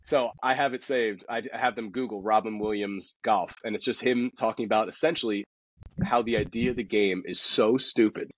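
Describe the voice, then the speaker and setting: Male golf pro, podcast guest: rapid, husky, lowish voice, dry dull lo-fi sound. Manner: rapid, animated storytelling with many restarts. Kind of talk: casual podcast interview.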